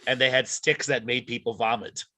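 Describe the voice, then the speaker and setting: A man co-hosting a casual comedy chat, giving brief agreeing replies and quick quips. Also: medium pitch, fairly even intonation, bright, forceful tone. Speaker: comedy show co-host.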